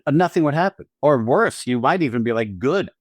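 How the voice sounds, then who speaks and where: Fairly quick, with lively intonation and a mid-range voice, this man co-hosts a podcast about acting and teaches the craft. There's no echo as he chats casually, bluntly, and profanely about technique, emphasizing points and restarting phrases.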